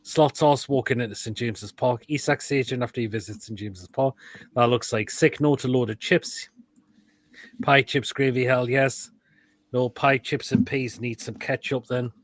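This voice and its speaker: A man at a middle pitch, running a live football stream and judging food pictures. He talks in crude, blunt one-liners and breaks into loud outbursts now and then. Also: fairly even intonation, normal speed, dry recording. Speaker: host of a live football show. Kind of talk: live-stream chat reacting to food pictures and reading comments.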